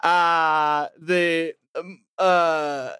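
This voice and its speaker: A man's voice: fairly high pitch, level tone, extremely slow, sharp tone, smooth, exaggerated voice. A man doing a put-on British accent, playing an awkward, mild-mannered Englishman who stammers through an intro. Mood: flustered.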